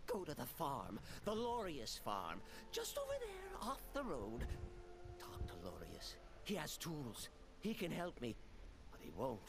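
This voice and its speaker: Brief: giggly unhinged jester, high and wildly swooping, slow and drawn out, game music behind. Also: male voice, huge pitch swings, vocal fry, exaggerated voice. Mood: giddy. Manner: sing-song, wild swings between shrieks and low mutters.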